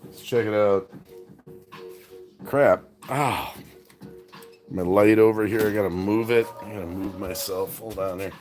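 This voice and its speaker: A man in his fifties live-streams on his phone from his home garage, chatting casually, laughing often and responding to his viewers' chat. His voice sits on the low side with fairly even intonation, a somewhat slow pace and long pauses, all over music.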